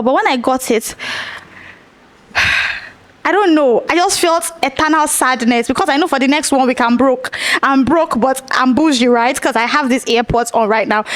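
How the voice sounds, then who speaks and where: A woman's voice: high voice, normal speed. A young Nigerian woman hosting a podcast, animatedly retelling a story with acted-out quotes. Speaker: podcast host. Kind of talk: casual storytelling monologue.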